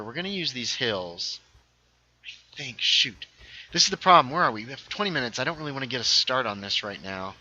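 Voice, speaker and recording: A man's voice: medium pitch, pushed and bright, highs cut off. A man hosting a casual gaming livestream, thinking aloud as he builds and reading viewer chat aloud. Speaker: livestream host.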